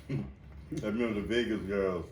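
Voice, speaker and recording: A man hosting a podcast in a loud, joking way, laughing a lot and swearing freely in casual chat. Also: on the low side, a little hiss or hum. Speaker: podcast host. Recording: echoey room, mic at a distance.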